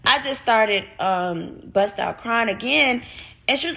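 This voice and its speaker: A woman's voice: a little high, animated, measured pace, creaky, bright, forceful tone. A woman telling viewers a personal story in casual storytime chat. She talks candidly, swears freely and addresses the audience directly.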